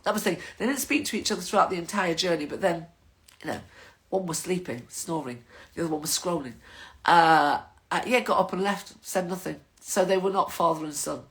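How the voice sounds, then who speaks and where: A woman's voice: on the low side, fairly quick. An older woman, chatting casually to her viewers in a rambling, waffling monologue as the host of her own vlog.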